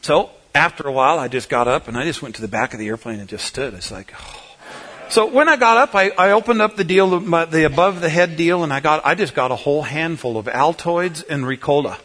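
A man delivers a funny sermon, spinning a folksy, lively story whose volume rises and falls. His voice is slightly high and his pace fairly brisk.

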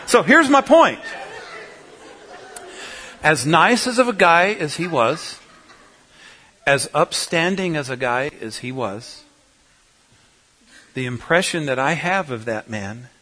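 Male preacher, animated comic storyteller, higher-pitched and sharp-toned, folksy delivery. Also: slow pace, long pauses. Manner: animated, folksy and jokey, swings loud and soft. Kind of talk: humorous sermon storytelling.

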